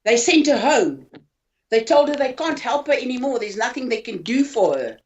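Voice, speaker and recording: An older woman from South Africa telling of her own hospital ordeal in a halting, emotional way, often repeating words. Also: on the high side, animated. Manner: halting, repeats words, voice rising when upset. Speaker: interviewee, hospital patient. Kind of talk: emotional personal account. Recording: dull lo-fi audio.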